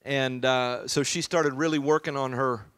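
A male pastor telling a family story during a sermon, in a relaxed, conversational way with frequent fillers. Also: mid-range voice, moderate pace, clear, resonant tone, no room sound, studio quality.

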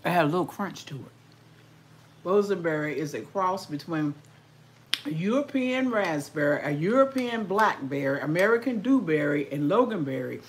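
Lively folksy older woman. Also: fairly low pitch, normal speed, slight background noise. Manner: folksy, chatty, talks with mouth full. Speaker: vlogger. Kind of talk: casual livestream chat while eating.

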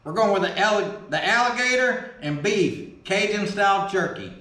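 A man hosting a casual vlog, folksy and excitable, swearing casually as he opens fan mail in his workshop. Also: sits high, normal speed. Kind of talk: casual chat. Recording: roomy echo.

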